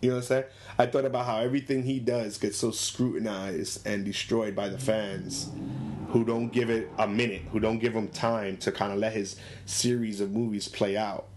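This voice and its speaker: Animated man acting out scenes. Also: normal speed, slight background noise. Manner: animated, acts out characters in high voices, laughs often. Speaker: movie discussion co-host. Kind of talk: casual chat.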